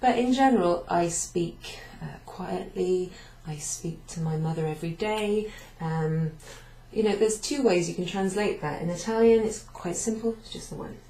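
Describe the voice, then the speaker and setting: A woman with a British accent explains a beginners' language lesson step by step at a whiteboard, using fillers along the way. Her lowish voice is mellow at a moderate pace, recorded in an echoey venue classroom.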